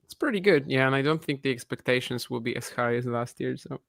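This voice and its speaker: A man's voice: medium pitch, fast, gravelly, fairly bright tone, dry recording. A man co-hosting a casual chat on a call, chatty and opinionated, often laughing. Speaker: co-host.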